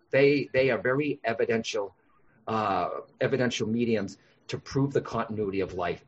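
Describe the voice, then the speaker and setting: Brief: husky man, podcast guest, animated storyteller, slightly muffled lo-fi recording. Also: on the low side. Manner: animated, acts out voices in anecdotes. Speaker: guest, psychic medium. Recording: dull lo-fi sound.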